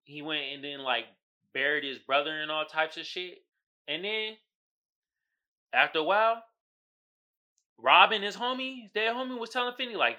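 A man hosting a podcast, recapping a horror movie and reading memes in a casual, animated monologue, swearing freely and breaking into loud shouted impressions. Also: high voice, moderate pace. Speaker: podcast host.

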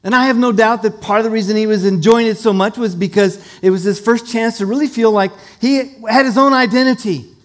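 A middle-aged man preaches to his congregation, his voice sitting high for a man. He tells a warm family story in a storytelling manner. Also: a little fast, few pauses. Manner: storytelling, leads call-and-response. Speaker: pastor. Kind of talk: sermon.

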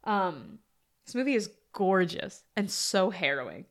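A woman co-hosting a casual movie podcast, animated and quick to laugh as she acts out scenes. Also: medium pitch. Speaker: podcast co-host.

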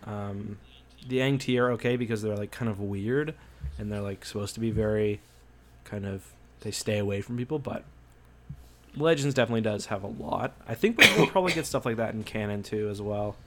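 A man's voice: fairly low pitch, fairly quick, noisy background. A man chatting casually as a podcast co-host. His voice is a little under the weather, and he rambles along with plenty of ums and restarts. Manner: rambling, hesitant with frequent ums and likes. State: slightly sick voice. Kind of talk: casual chat.

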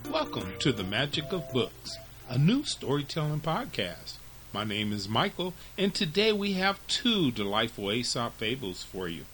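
A man hosting a storytelling podcast, reading fables to children with very expressive, lively narration. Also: medium pitch, normal speed, faint music behind, rough recording.

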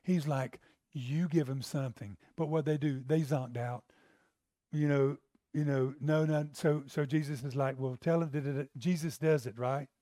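A man preaching a sermon in a conversational way, acting out quotes and building to loud emphasis. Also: mid-range voice, steady tone, normal speed, no echo, studio quality. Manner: conversational, acts out voices, rising to loud emphasis.

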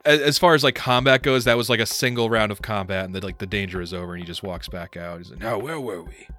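A man's voice: fairly low pitch, steady tone, quick pace, bright, forceful tone. A man narrating as game master of a tabletop game, casually and with many fillers.

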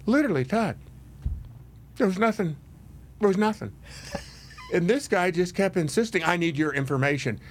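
An older man with a high, lively voice tells a story on a radio talk show, bouncing between laughter and acted-out voices. His pitch swings widely as he talks, and a faint hiss of noise sits under the recording. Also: moderate pace, long pauses. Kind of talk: casual storytelling chat.

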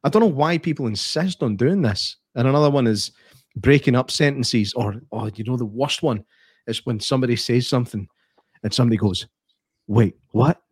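A Scottish man in his thirties chatting casually about a film he watched. He talks in an animated way, swears freely and laughs often. His voice sits at a middle pitch and sounds dry and close. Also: brisk, husky, dry recording. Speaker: podcast co-host. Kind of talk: casual film review chat.

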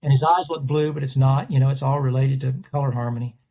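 This interview features a man who paints portraits, telling meandering stories and repeatedly backing up to fix what he said. His mellow voice is mid-pitched and steady, and he talks at a quick clip.

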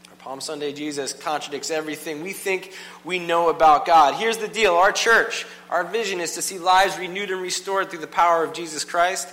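A man preaching a casual, animated sermon, full of "like" and quick asides to the congregation. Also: fairly high pitch. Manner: animated, filler-heavy with frequent "like". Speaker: pastor. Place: church hall. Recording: long hall reverb, faint hum.

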